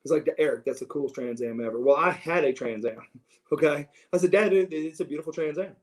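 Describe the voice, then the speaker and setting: A middle-aged man telling stories from his youth in a casual interview, animated and prone to restarts as he acts out what others said. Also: fairly high pitch, brisk, low-quality recording. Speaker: interview guest. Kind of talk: casual storytelling.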